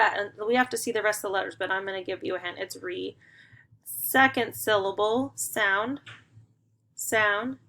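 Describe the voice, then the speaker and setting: A young woman teaching a phonics lesson to young students, slowly sounding out and blending words and praising them. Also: mid-range voice, fairly bright tone. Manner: slow, encouraging, sounding out words.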